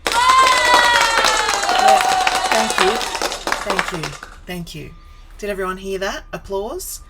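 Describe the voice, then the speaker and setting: A woman's voice: medium pitch, unhurried, over a noisy crowd, very noisy. A woman in her forties chatting casually on a live stream from her home office, greeting viewers by name and wandering into asides. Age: 40s.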